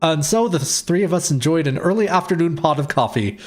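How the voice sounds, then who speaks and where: A man's voice: on the high side, expressive, brisk, faint music behind. Man reading a game aloud. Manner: playful, reads all characters. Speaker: streamer. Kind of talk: reading a visual novel aloud.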